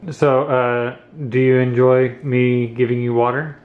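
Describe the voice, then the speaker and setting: A man's voice: medium pitch, little pitch movement, a little slow. A man chatting off camera in a casual, teasing way while he films. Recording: roomy, dull, from behind the camera.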